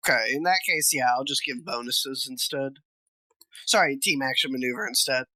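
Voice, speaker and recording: A tabletop game player speaking politely and deliberately about their moves. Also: mid-range voice, sharp tone, no room sound, low-quality recording.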